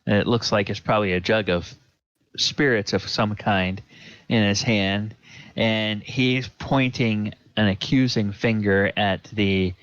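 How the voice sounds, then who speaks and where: Slow, halting male game master. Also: on the low side, fairly even intonation, fairly bright tone, no echo, dull audio. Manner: hesitant, full of ums and restarts. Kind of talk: narrating a tabletop game.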